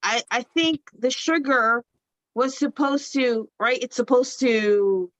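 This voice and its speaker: A woman's voice: a little high, takes it slowly, no echo. A woman telling a funny story in casual chat, laughing and acting out the quotes. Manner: animated, laughing, acts out quotes.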